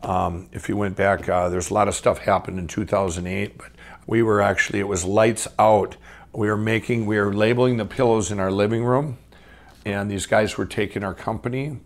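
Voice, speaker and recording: A middle-aged man from Minnesota telling his own life story off the cuff, rambling with many restarts and swinging between excited and hushed. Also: on the low side, normal speed. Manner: rambling, full of restarts and "I'm going". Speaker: guest storyteller. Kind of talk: unscripted personal storytelling.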